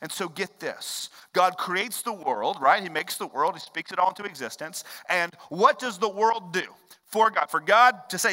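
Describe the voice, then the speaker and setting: A man preaching a sermon as pastor, swinging between loud, emphatic stretches and hushed, quiet ones. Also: high-pitched, big pitch swings, normal speed. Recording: long hall reverb.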